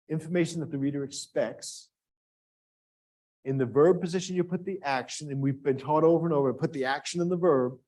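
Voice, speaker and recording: Male workshop instructor, mid-pitched and engaging, quizzes his audience. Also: darkish tone. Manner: engaging, asks the audience questions. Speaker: grant writing workshop instructor. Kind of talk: live workshop lecture. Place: classroom with live and remote audience.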